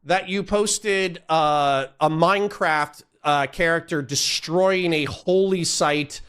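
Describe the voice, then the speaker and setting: High-voiced confrontational man pressing questions. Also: takes it slowly, a bit bright, smooth. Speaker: interviewer. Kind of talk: heated argument.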